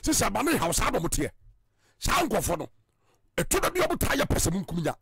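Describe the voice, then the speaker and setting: A man with a Ghanaian accent preaching in an emphatic way that keeps rising to loud bursts. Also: high-pitched, huge pitch swings, brisk, gravelly, noisy background. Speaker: evangelist. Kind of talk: preaching in Twi and English.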